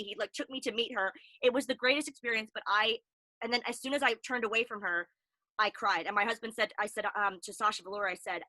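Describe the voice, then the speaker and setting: Bright, animated woman co-hosting a chat show. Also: on the high side, fast, no room sound. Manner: animated, chatty storyteller. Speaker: talk show co-host. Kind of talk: casual chat.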